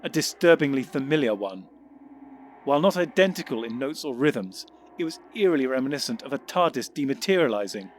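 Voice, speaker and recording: A man reading audiobook narration in a measured, descriptive way. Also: mid-range voice, expressive, a little hiss or hum. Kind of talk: scripted narration.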